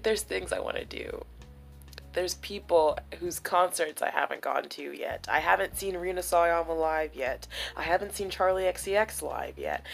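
A young woman vlogs about personal matters in a lowish voice with vocal fry. She speaks candidly and emotionally, almost confessional, her talk full of "like" fillers.

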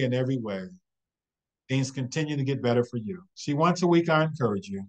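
A man presenting a webinar, telling a motivational story with a rhythmic, repeated refrain and building excitement. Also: medium pitch, low-quality recording.

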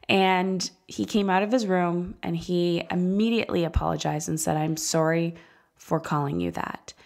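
A woman's voice: lowish voice, fairly even intonation, creaky, a little mellow. Candid woman hosting a parenting podcast. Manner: candid, conversational, slows down to stress points. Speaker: podcast host and parenting coach. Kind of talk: solo podcast monologue.

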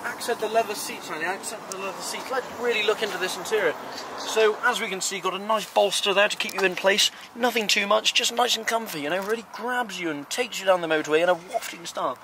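A man's voice: sits high, quick pace. A man presenting cars in a casual, enthusiastic vlog walkaround, talking emphatically and playfully. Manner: playful, emphatic, lively rises on praise. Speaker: car vlogger presenting cars. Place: outdoors beside parked cars. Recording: outdoor street noise behind.

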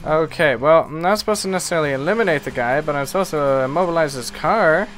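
A man streaming a video game live, chatting with viewers and reacting excitedly and goofily to the play. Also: fairly high pitch, fast, a little hiss or hum. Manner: excitable, goofy, talks to chat. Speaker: gaming streamer. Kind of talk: live gameplay commentary.

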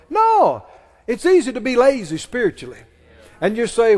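A man's voice: extremely high pitch, huge pitch swings, moderate pace, darkish tone. A man preaching a sermon emphatically and leading his congregation in call-and-response. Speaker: pastor. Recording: long reverb of a large hall.

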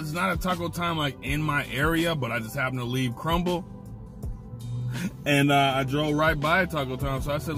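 A man hosting a casual food review vlog, chatty and slangy, from a parked car. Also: a little high. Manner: slangy, laid-back, chatty. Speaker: food reviewer, channel host.

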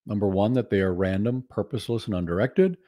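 Man, guest speaker, lecture presentation, humorous, numbered points, warm low voice. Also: fast talker, dry recording, clean studio sound.

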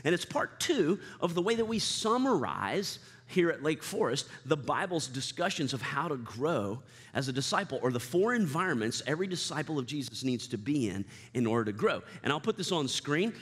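A man who is lead pastor, preaching a lively, self-deprecating sermon and leading the congregation in call-and-response. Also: fairly high pitch, moderate pace, few pauses, breathy edge. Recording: reverberant church sanctuary.

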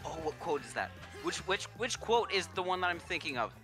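A man's voice: a little high, very animated, brisk. A man on a voice call with friends, teasing and bantering while they play a game. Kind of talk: casual gaming chat. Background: game music.

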